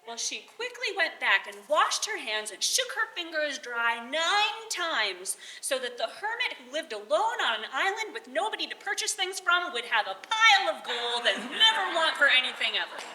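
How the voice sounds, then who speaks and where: Lively woman telling a folk tale. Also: sits high, moderate pace, hardly any pauses. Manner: animated, chuckling between lines. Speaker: storyteller. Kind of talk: live oral storytelling. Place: bardic gathering hall. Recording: roomy live venue.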